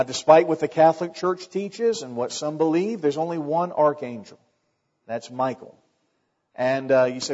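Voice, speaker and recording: A male pastor with a fairly high voice preaches to his church, chatty and wry. His voice rings out with a long hall echo, and the recording sounds dull and a bit lo-fi. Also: a little mellow. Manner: conversational preaching with wry asides. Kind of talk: sermon.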